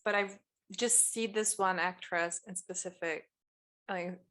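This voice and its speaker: A woman's voice: on the low side, fairly even intonation, a little slow, fairly bright tone. A woman co-hosting a podcast, talking in a loose, rambling way that often trails off mid-thought. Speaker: podcast co-host. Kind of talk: casual chat.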